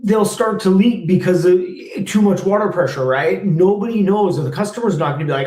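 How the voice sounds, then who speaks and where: A man's voice: sits high, lively intonation, brisk, hardly any pauses, a little mellow. Man, thirties, former technician, blunt, fired up, cursing, roomy echo. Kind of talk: live Q&A rant.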